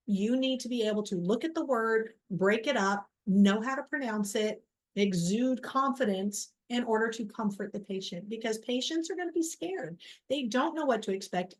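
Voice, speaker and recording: A middle-aged woman teaching a recorded college lecture over slides, casual and self-deprecating. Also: fairly high pitch. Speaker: college biology instructor.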